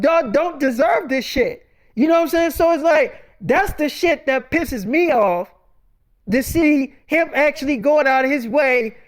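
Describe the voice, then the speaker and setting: A furious aunt unloads on her in-laws in a stream of profane, rapid-fire scolding, as a woman plays her. The voice sits high.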